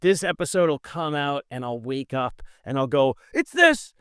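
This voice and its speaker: A man's voice: mid-range voice, moderate pace, clean tone, no echo, clean studio sound. A man co-hosting a podcast, chatting casually and jokingly about hockey games in long runs. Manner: animated, jokey, talks in long runs. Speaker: podcast co-host. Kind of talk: casual sports chat.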